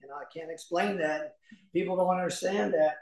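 A man's voice: high-pitched, steady tone, brisk, creaky, a little mellow. An older man tells a personal story to an audience in a folksy, chatty way, laughing and dropping fillers as he goes. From Kentucky, USA. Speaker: recovery meeting speaker. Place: large meeting hall. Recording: echoey hall recording.

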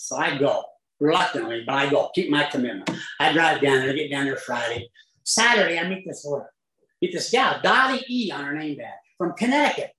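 A man from Utah telling a humorous personal story as a speaker at a recovery meeting, with lively asides and chuckles. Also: on the high side, a little fast, roomy sound, a little hiss or hum, low-quality recording.

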